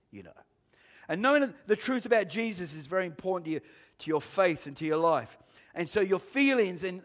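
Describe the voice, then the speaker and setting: In a high voice, a male pastor delivers a sermon that turns emphatic and rises to shouts. He calls out for amens and puts questions to the congregation.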